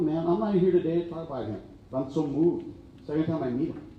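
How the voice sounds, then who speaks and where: A man's voice: on the high side, fairly even intonation, fairly quick, mellow, slight background noise. An older man, a county health physician, giving a rambling, emotional town hall speech full of fillers. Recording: echoey hall, distant mic, dull sound.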